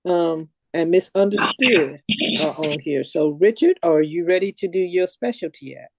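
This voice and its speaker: A woman's voice: fairly low pitch, lively intonation, moderate pace, vocal fry, dry recording. A woman hosting an online comedy marathon, giving chatty, meandering instructions over a video call.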